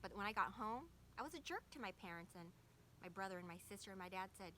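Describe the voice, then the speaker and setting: A woman's voice: medium pitch, lively intonation, fast talker, pushed and bright, slight background noise. A woman in her thirties talking in a casual, reflective way, full of fillers and self-corrections. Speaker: vlogger.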